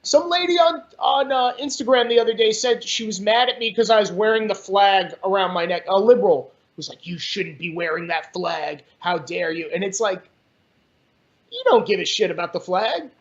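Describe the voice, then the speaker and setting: A man's voice: high voice, normal speed. A man in casual political chat, talking bluntly and cursing freely. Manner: blunt and profane, animated. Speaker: podcast guest. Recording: dull lo-fi sound.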